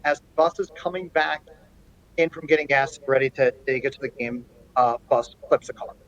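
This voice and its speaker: A middle-aged man, a college hockey coach, telling an animated story in an interview, with plenty of ums and restarts. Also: mid-range voice, moderate pace, highs cut off. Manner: animated anecdote-telling with frequent fillers.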